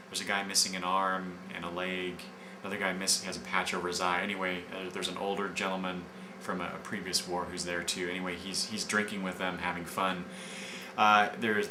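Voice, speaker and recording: A man casually reviewing comic books, talking in a halting way with frequent restarts as he sums up the story. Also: low voice. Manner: halting, with many fillers and restarts while summarizing. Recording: echoey room with background noise.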